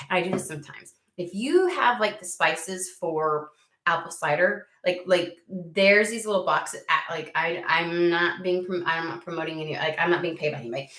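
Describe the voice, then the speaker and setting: Woman, rambling tarot chat, lowish voice, echoey room. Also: fairly bright tone. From United States. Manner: chatty, easily sidetracked, swears casually. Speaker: tarot reader.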